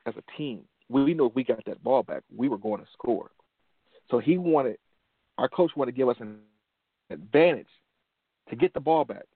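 A man's voice: mid-range voice, creaky, no echo. A man in his forties, from Detroit, hosting a motivational show and telling a personal story earnestly, repeating phrases for emphasis. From Detroit, USA. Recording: dry phone-line sound.

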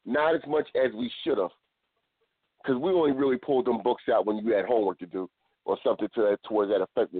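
A man's voice: lowish voice, breathy edge, no echo. Man, talk-show host, casual chat, stumbles over words, tinny phone-like sound, dry close sound. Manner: repeats words and restarts phrases. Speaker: podcast host.

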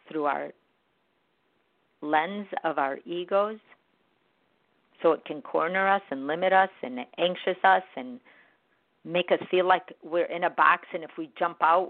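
A woman hosting a motivational podcast who talks straight to her listeners and acts out her own inner voices. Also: lowish voice. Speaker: podcast host. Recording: dry, phone-like audio.

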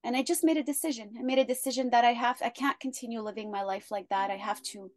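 A woman guest telling her story in an interview, earnest and measured. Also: on the high side, no room sound.

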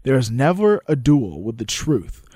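A man voicing a courtroom orator with a rising, sweeping delivery. The lines come slow and weighty with dramatic pauses, read dry and close to the mic. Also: medium pitch, big pitch swings, dark tone, no room sound. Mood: impassioned. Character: impassioned male courtroom orator.

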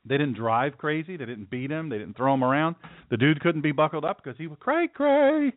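A man's voice: mid-range voice, brisk, no echo. A man hosting a talk radio show, delivering an opinionated, sarcastic monologue. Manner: sarcastic, mocking, puts on caricature voices. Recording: dry, phone-like radio audio.

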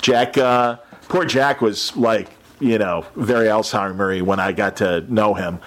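A man's voice: on the low side, unhurried. A man from the Chicago suburbs hosting a casual chat and telling stories, acting out the voices of people he met. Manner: animated storyteller who acts out voices of people he met.

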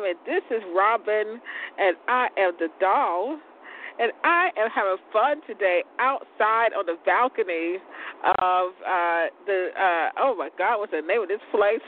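A woman's voice: medium pitch, lively intonation, unhurried. A woman hosting an internet radio show, rambling casually and profanely with frequent laughter, outdoors on a balcony. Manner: chatty, profane, laughs often. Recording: tinny phone line, faint outdoor noise.

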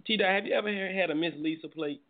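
A man's voice: on the high side, quick pace. A man hosting a casual morning show, laid-back and slangy. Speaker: radio show host. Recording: tinny phone-like audio.

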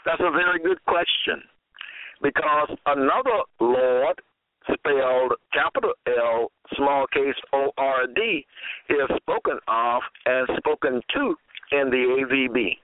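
A man preaching a sermon and reading scripture aloud, slow and deliberate, often repeating phrases. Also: medium pitch, no echo. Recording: tinny phone-line audio.

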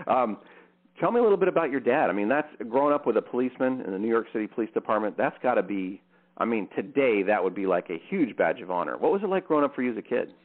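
A man's voice: mid-range voice, sing-song, fast talker. A man hosting a casual interview, upbeat and full of ums and restarts. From US Northwest. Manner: upbeat, filler-heavy, stumbling restarts. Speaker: podcast host. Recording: tinny phone-like line.

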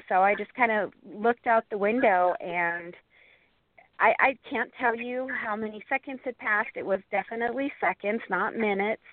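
A woman's voice: mid-range voice, steady tone, no room sound. Earnest woman on a tinny phone line. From Montana, USA. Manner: earnest, halting storytelling with many restarts. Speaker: guest, Bigfoot researcher and author. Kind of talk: interview storytelling.

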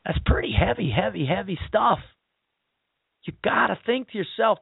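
A high-pitched man speaks as a podcast host, emphatic and repetitive, retelling a story in a loose sermon-like style. The sound is dry and tinny, as if over a phone line. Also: moderate pace, creaky, slightly rough, no room sound. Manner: emphatic, repetitive, peppered with "man" and "you know". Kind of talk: casual spoken retelling, sermon-like.

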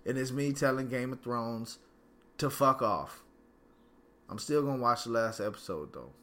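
Male podcast host, bright edgy tone, mid pitch, solo profane rant at home. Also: normal speed. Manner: angry, profane ranting with slang.

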